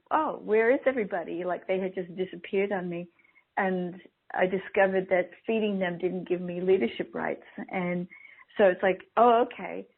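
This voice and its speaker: A middle-aged woman, a guest on an interview show, telling stories in a chatty way and laughing often. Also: mid-range voice. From Australia. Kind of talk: casual storytelling interview. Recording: tinny phone line.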